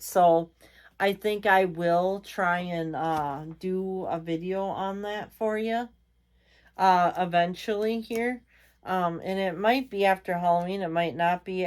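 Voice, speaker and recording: A woman's voice: fairly low pitch, a little mellow, clean tone. A tired woman chatting casually as a vlog host, rambling with many fillers. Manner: reads out magazine lines. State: tired, yawning. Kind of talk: casual chat.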